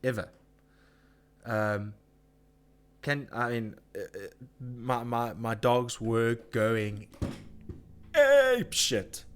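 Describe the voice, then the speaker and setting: A man's voice: mid-range voice, little pitch movement, slow pace. Ranting man hosting live chat. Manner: ranting, swearing, reading viewer comments. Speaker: live-stream host.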